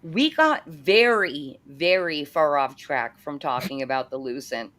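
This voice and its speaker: A woman hosting an interview, chatting casually and telling animated anecdotes. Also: sits low, a little slow. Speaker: interviewer, host.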